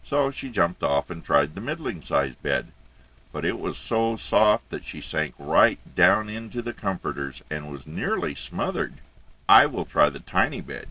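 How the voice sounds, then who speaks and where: An older man tells a children's story in a low voice that rises and falls with lively expression. His tone is bright and clear, and he reads playfully, tossing in little asides. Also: low-quality recording. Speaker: storyteller grandfather. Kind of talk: storybook reading aloud.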